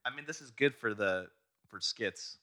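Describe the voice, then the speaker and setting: Young man, casual crude podcast chat, bright voice, lively pitch, rambling, mumbled asides. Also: normal speed, dry recording, studio quality.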